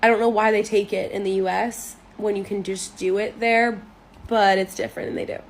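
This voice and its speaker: A woman from Canada talking to camera in a relaxed, chatty way. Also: medium pitch, fairly quick, vocal fry, slight background noise. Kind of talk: casual vlog talk to camera.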